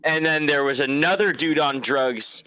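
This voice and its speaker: Young male guest, bright and forceful voice, animated storyteller, dry close sound. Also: on the high side, normal speed, clean tone, no echo. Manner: animated, laughs often, swears, acts out voices. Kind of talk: casual storytelling.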